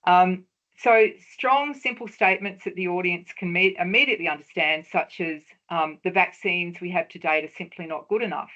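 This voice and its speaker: A woman presenting a webinar lecture on research talks, measured and explanatory, stressing key words for emphasis. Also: on the low side, a bit bright, dull audio.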